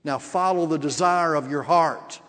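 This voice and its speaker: A man voicing God as a calm, fatherly male presence, speaking slowly and reassuringly in a hushed, lowered voice. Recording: long hall reverb.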